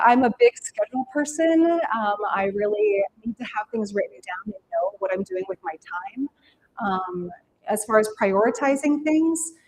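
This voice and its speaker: Brief: woman speaker, mid-pitch, loose chatty Q&A delivery, faint hum behind. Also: rough recording. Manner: chatty, filler-heavy with frequent "right?" and "um". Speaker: featured speaker. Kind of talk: audience Q&A answer. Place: event venue.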